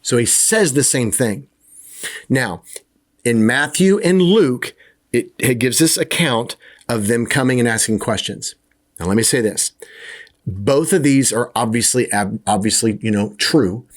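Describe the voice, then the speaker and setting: Guy teaching bible chapters, chatty and loose, mid-pitch voice, fills with you know and okay. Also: expressive, a little slow. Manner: conversational, acts out the disciples' questions with a raised voice.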